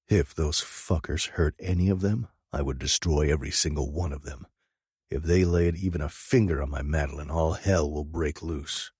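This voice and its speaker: A man's voice: rumbling low, darkish tone, husky, dry recording, studio quality. A man reading a first-person audiobook with a tense, dramatic delivery. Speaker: audiobook narrator.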